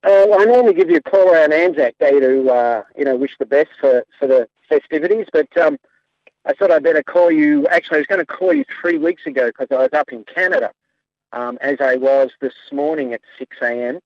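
A man's voice: fairly high pitch, brisk, no echo. Man calling in over a muffled line. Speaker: caller. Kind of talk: phone-in chat.

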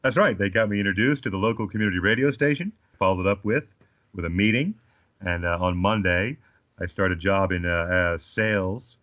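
He's an Australian in his forties, a guest recounting comic stories in easygoing talk with a dry, joking style. The voice is low, brisk and a bit bright, captured dry on a slightly dull lo-fi recording.

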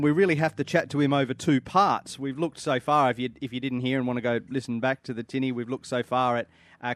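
A man's voice: mid-range voice, no echo. A man with an Australian accent hosting a casual fishing podcast, jokey and laughing as he reads listener mail. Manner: jokey, laughing, relaxed banter. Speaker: podcast host.

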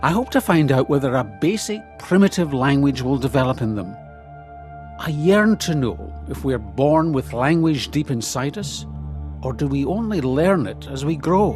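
A man acts out a medieval king, earnest and grandly wondering. His pitch rises and falls in wide, lively sweeps. The lines come across as scripted radio acting. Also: normal speed, soft background music, close to an everyday voice. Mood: determined. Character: curious, earnest medieval Scottish king, male.

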